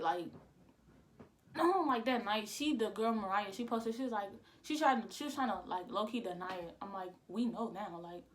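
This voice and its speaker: A young woman vlogger tells a casual storytime at an ordinary pitch. She rambles, restarts, and keeps saying "I'm like" in loose, slangy speech. Faint noise hums behind her. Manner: rambling, repeats "I'm like", slangy, animated when quoting.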